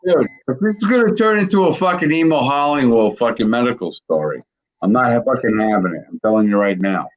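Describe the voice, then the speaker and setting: A man in his sixties with a gravelly voice, rambling and swearing constantly in casual chat. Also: medium pitch, expressive, a little fast, muffled recording. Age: 60s. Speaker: video creator on a live call.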